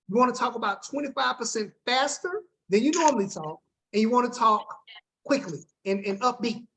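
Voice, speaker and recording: A man's voice: very high-pitched, a bit bright. A man coaching his team on a group video call, upbeat and slangy, talking straight to the group and checking in with them often.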